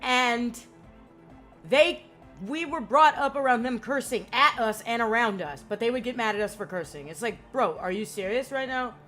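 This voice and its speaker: A woman's voice: on the high side, moderate pace, pushed and bright. A young woman streaming a game, chatting casually and rambling with lots of "like" and cursing. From United States. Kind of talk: casual gaming commentary. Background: faint game music.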